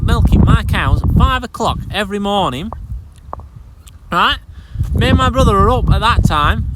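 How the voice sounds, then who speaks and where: A fairly high-voiced man, a dairy farmer, rants to camera in an exasperated vlog. He is blunt and keeps restarting his sentences. Loud background noise and passing vehicles fill the recording. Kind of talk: angry vlog rant to camera.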